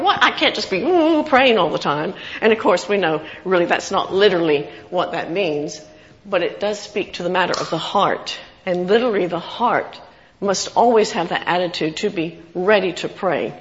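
Lady preacher telling a story, earnest and lively, long hall echo. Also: fairly low pitch, normal speed. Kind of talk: sermon. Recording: muffled with long hall reverb.

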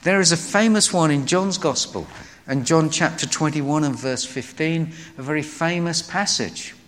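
With a long hall reverb in the background, a man on the higher side of pitch preaches at a moderate pace in a fairly bright tone. He tells Bible stories as a storyteller, acting out the quoted voices.

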